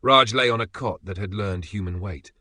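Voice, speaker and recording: Man narrating an audiobook, bright and dry. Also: lowish voice, moderate pace, no room sound.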